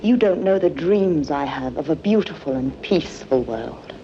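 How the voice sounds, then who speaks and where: An actress playing a cruel, commanding villainess in a 1960s adventure film, silky and menacing. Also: female voice, deep voice, lively intonation, normal speed, noisy background. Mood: seductive. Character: cold, cruel villainess woman who commands followers. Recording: dull lo-fi film soundtrack with music.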